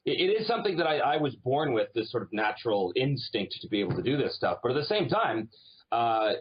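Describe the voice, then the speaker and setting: A man from Canada, a voice actor guest, chatting casually in an interview and telling animated stories. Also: mid-range voice, a little fast, dull audio, a little hiss or hum. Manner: animated storyteller, slips into accents.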